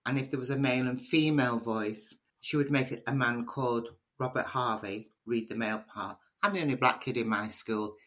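A woman's voice: a bass voice, normal speed, hardly any pauses. Chatty woman telling stories. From Liverpool, England. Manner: chatty, storytelling, animated. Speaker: poet, interview guest. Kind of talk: conversational interview answers.

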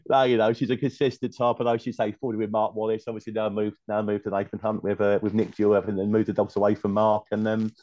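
A man's voice: on the low side, flat delivery, fast talker, hardly any pauses, a little mellow, dry recording. A man chatting as a guest tipster on a betting podcast, agreeable and loose in his phrasing. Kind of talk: casual chat. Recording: dry dull lo-fi mic.

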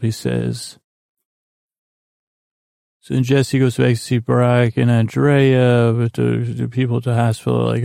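Guy rambling through a recap, flat low-key delivery, lots of restarts, gravelly. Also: no echo, clean studio sound. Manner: rambling, halting restarts, acts out quoted lines. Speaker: podcast host.

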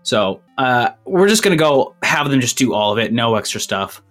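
A man's voice: mid-range voice, big pitch swings, normal speed, a bit bright, faint music behind. A man running a tabletop game as game master, rambling through rule changes and a recap, a bit out of breath. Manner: rambling, self-interrupting, laughs at his own jokes.

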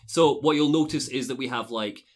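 A man's voice: mid-range voice, brisk. A man hosting a podcast, recapping a story in casual chat and swearing freely. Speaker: podcast host recapping game lore.

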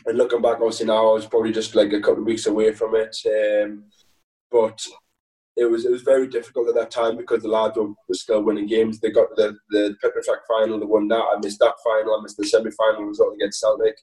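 A footballer guest in a relaxed interview swaps dressing-room stories in a dark, mellow voice that's fairly low and fast. He rambles, laughs a lot and keeps restarting sentences. He sits well back from the mic, and the recording quality is poor.

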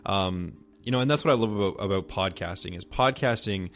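A man's voice: low voice, brisk, a bit bright. A man hosting a podcast, reflecting thoughtfully on the conversation with frequent fillers. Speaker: podcast host.

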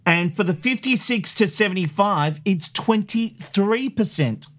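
A man's voice: high voice, a little slow. A man hosts a casual radio panel. He keeps the talk moving, bringing in survey numbers and asking his co-hosts in turn. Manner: lively, leads the discussion with survey figures. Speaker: radio host.

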